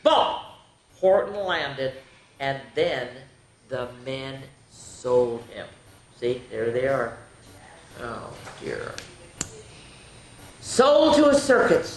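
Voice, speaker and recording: Middle-aged lady doing kids story time, sing-songy, slow, echoey room. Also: deep voice, a little hiss or hum. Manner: expressive, sing-song, chatty asides. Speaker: children's storyteller. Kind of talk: reading a picture book aloud to kids.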